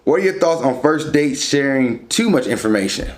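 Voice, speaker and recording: A man's voice: mid-range voice, expressive, moderate pace. Frank, chatty man giving dating advice. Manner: conversational and frank, answering questions one by one. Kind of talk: casual advice talk.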